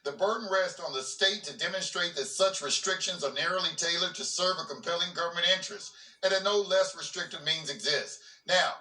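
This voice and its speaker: A man reads a legal memorandum aloud and stops now and then to explain it in plain talk, restarting and repeating his words. His voice is very bright and edged. It echoes through the room from a distance. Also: a little high. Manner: breaks off reading for plainspoken asides, repeats words when he restarts. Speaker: host of a legal commentary channel. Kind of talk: reading a legal document aloud with casual commentary. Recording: roomy echo, voice from away from the mic.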